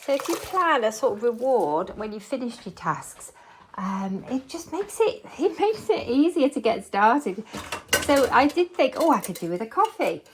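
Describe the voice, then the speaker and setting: A woman with a fairly high voice talks through her kitchen cleaning in a loose, chatty way, thinking aloud and cheering herself on. Clattering household noise and clicks stay clearly audible behind her. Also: sing-song, moderate pace. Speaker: cleaning vlogger. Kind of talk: casual chat while cleaning along in real time. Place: home kitchen.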